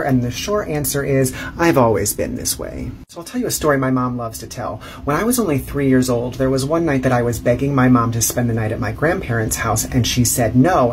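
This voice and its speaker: A man's voice: medium pitch, low-quality recording. A man telling funny petty stories about his life in a sassy, theatrical way, with light noise behind him. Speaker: storyteller. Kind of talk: comedic storytelling.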